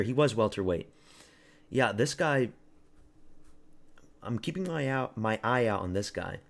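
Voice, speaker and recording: A young man from Canada streaming live, rambling loosely and swearing freely as he mocks fighters and talks back to his chat. His voice sits a little low and easy. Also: animated, normal speed, gravelly, long pauses.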